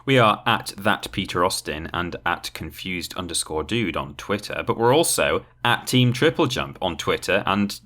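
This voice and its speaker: A man's voice: sits low, lively intonation, normal speed, few pauses, bright, forceful tone. A man co-hosting a comedy podcast, reading silly donor names and plugging his channels. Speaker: podcast co-host. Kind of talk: casual podcast banter.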